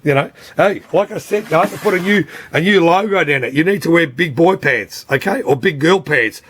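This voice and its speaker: A man's voice: fairly high pitch, fairly quick, a bit bright, a little hiss or hum. A man explaining a machine repair in a loose, rambling way, blunt and swearing freely, often asking "you know what I mean". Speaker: repair technician.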